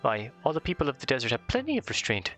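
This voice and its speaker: A man's voice: mid-range voice, huge pitch swings, fast, fairly bright tone, faint music behind. A man voicing a cheery, motherly female shopkeeper in a let's play. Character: sweet high-voiced female shopkeeper.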